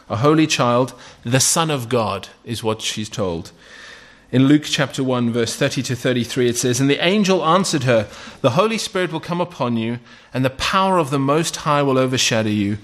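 A man's voice: mid-range voice, fairly bright tone. A man preaching a sermon in a conversational way, often checking in with "okay?" and asking rhetorical questions.

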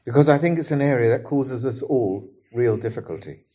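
A man preaching a sermon in a measured, earnest way, reading scripture aloud and leading the congregation in prayer. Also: mid-range voice, mellow, breathy edge.

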